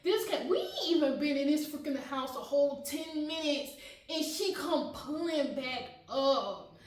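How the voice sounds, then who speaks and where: A woman's voice: sits high, very animated, measured pace, echoey room, far from the mic, rough recording. A woman vlogger telling a personal story in a casual, dramatic way, often laughing and talking straight to her viewers.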